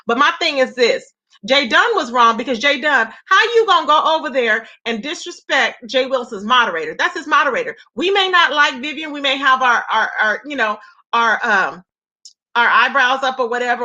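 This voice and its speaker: Sassy high-voiced woman recapping gossip. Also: lo-fi sound. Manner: sassy, animated, laughs a lot, says "okay" and "period". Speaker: YouTube commentary host.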